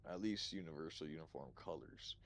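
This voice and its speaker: A man's voice: very deep voice, fairly quick. A man chatting casually with a friend during a game stream, swearing offhandedly. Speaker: co-player. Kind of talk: casual gaming chat.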